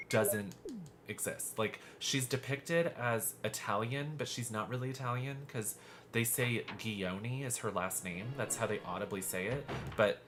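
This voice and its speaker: Man, game streamer, chatty, campy, gushing, game music behind. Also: medium pitch. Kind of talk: live gameplay commentary.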